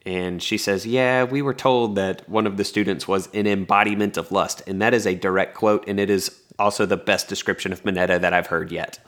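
A man's voice: low-pitched, steady tone, fairly quick, few pauses, fairly bright tone. A man co-hosting a podcast, casually recapping an anime episode in a wry, rambling way with frequent restarts. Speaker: podcast co-host.

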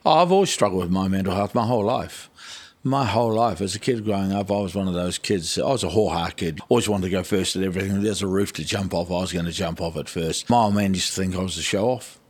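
A middle-aged man with a New Zealand accent and a low voice tells stories as an interview guest. He is lively and acts out the dialogue. The sound is dry, with no room echo. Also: fast talker, slightly rough. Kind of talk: storytelling interview.

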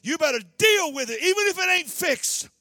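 A male preacher delivering a fervent sermon, shouting his points and calling out to the congregation. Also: very high voice, lively intonation, moderate pace, dry recording.

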